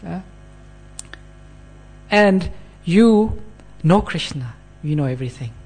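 A man with a high-pitched voice gives an earnest sermon on scripture. He checks in with his listeners as he talks, asking them short questions. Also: expressive, slow pace, darkish tone, slightly rough, soft background music. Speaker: preacher giving a scripture class.

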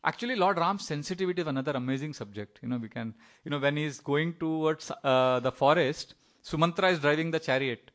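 Middle-aged guy preaching, chatty storyteller, slightly high voice. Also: quick pace. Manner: animated storytelling, acting out quoted voices; conversational, with fillers and small laughs. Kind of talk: sermon.

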